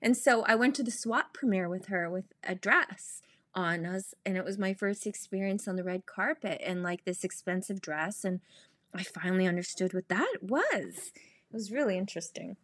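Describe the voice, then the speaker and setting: A woman actress telling stories as a podcast guest, animated and laughing, acting out the voices of people she quotes. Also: medium pitch, moderate pace, no room sound, studio quality. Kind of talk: casual storytelling interview.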